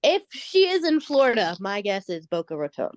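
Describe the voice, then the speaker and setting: A woman's voice: mid-range voice, very animated, moderate pace, dry recording. A woman co-hosting a comedy podcast, firing off wry, stubborn one-liners. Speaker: podcast co-host. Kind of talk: casual comedic chat. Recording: dull lo-fi sound.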